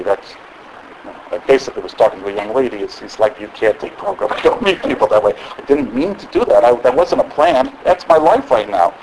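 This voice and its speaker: A middle-aged member of a recovery group shares his story in a meeting room, speaking in a mid-range voice. His candid account wanders with frequent restarts, captured in low quality with a little hiss or hum.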